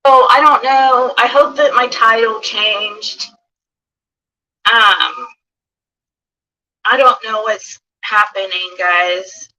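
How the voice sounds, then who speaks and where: A flustered woman streamer who stumbles and restarts as she talks. Her voice is bright and slightly high, and it sounds distant from the mic in a played-back clip. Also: slow pace, pauses often. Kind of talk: casual live stream talk.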